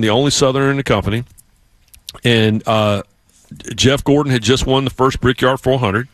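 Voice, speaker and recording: A man's voice: mid-range voice, no echo. A man from South Carolina with a Southern accent, hosting a sports radio show and telling stories in casual chat. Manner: storytelling, lively put-on voices for others.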